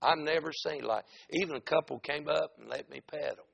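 A man's voice: a little high, a little fast, vocal fry, fairly bright tone, a little hiss or hum. A man from North Carolina, preaching a rambling storytelling sermon in a church, dotted with "amen" and "uh". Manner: rambling, repetitive, frequent "amen" and "uh". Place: church auditorium.

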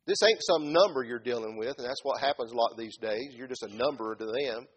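A middle-aged man preaching a sermon in a folksy way, dropping from quiet talk to loud shouted peaks. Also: medium pitch, a little fast, slightly rough.

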